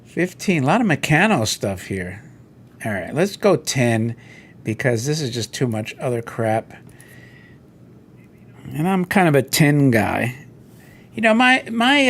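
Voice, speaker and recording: A middle-aged man hosting a casual solo chat, rambling and telling stories while he browses toy listings. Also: mid-range voice. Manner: rambling, animated storytelling with quoted voices. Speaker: host.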